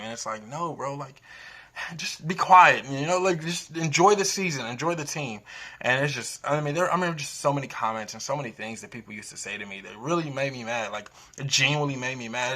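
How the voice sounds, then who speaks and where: A man's voice: lowish voice, pushed and bright. A man delivering an impassioned, rambling fan rant, emphatic and full of restarts. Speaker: sports fan vlogger.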